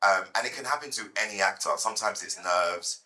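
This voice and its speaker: A man in his thirties, a guest at a fireside chat, telling lively anecdotes to a live audience and repeating words as he goes. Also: on the low side, a little fast, low-quality recording.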